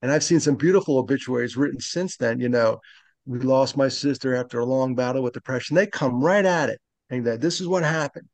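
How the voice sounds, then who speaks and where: Earnest gravelly man in his fifties. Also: mid-range voice, a little fast, no room sound. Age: 50s. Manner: earnest and reflective, speaks openly about loss. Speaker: podcast guest. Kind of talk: conversational interview.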